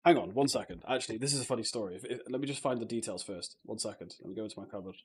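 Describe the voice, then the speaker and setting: Husky swearing British streamer man. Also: on the low side, very fast. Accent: British English. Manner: swears a lot, loose and joking, talks to chat. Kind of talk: casual live-stream chat.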